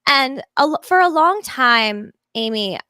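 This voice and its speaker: A woman being interviewed as a podcast guest, talking in an animated, enthusiastic way in long flowing runs. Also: high voice, measured pace, smooth, dry recording. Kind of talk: casual interview talk.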